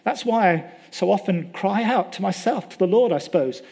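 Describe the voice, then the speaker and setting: A man's voice: high voice, expressive, normal speed, vocal fry, hardly any pauses, darkish tone, husky. A middle-aged man preaching a sermon in an earnest way, asking many rhetorical questions and often restarting his sentences.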